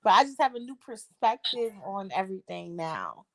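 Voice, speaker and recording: A woman's voice: mid-range voice, expressive, normal speed, vocal fry. A young woman chatting casually, agreeing emphatically and swearing freely. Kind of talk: casual chat.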